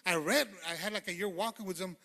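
High-voiced preacher in an echoing hall. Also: male voice, fast talker, creaky. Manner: earnest, swings from hushed to loud. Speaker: preacher giving testimony. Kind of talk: sermon testimony. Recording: long hall reverb.

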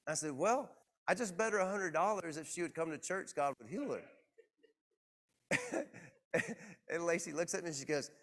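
A man preaching to his congregation, telling a personal story in a lively, self-mocking way. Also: a little high, moderate pace, long pauses. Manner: animated, self-deprecating storyteller. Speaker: pastor. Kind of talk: sermon storytelling. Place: church.

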